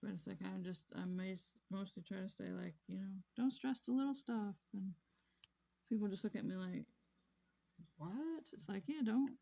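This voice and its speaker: A woman's voice: medium pitch, fairly even intonation, moderate pace, creaky, dark tone. A woman vlogging casually about her craft hobby, rambling and repeating herself in an easygoing way. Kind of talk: casual chat while crafting.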